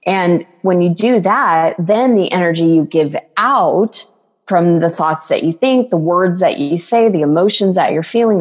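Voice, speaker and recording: A woman's voice: on the low side, breathy edge. Earnest woman coach in a reverberant room. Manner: earnest, storytelling with many fillers. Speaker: guest coach. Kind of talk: conversational podcast interview.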